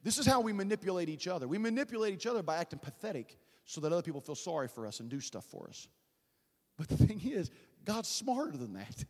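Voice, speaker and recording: Male pastor, high and expressive, breathy edge, dramatic sermon delivery with folksy asides, echoing sanctuary. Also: fast. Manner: fervent, dramatic, swings from loud to hushed; direct, folksy asides to the congregation. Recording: long church reverb.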